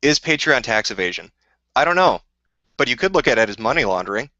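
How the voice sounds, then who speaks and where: A man's voice: medium pitch, big pitch swings, brisk, sharp tone, dry recording, dull audio. A man hosting a livestream, ranting heatedly and swearing constantly while answering chat questions. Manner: profane, combative, heated. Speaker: livestream host.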